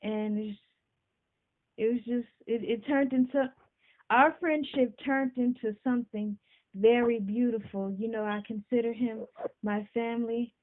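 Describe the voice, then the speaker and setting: A woman hosting a podcast, talking casually and warmly about friendship, often asking "you know what I'm saying". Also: a little high, steady tone, a little slow. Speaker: podcast host. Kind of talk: casual talk to camera. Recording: tinny phone-like sound.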